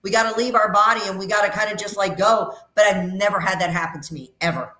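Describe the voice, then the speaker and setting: A woman's voice: medium pitch, quick pace, pushed and bright, roomy sound. A middle-aged woman working as a psychic medium on a call-in radio show, talking in a chatty, emphatic way and repeating her phrases. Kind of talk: casual radio call-in readings.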